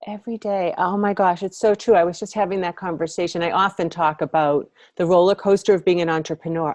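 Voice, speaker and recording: A woman podcast host interviewing a guest, enthusiastic and animated as she mimics her own doubts. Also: fairly low pitch, quick pace, few pauses, noisy background. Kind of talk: conversational interview.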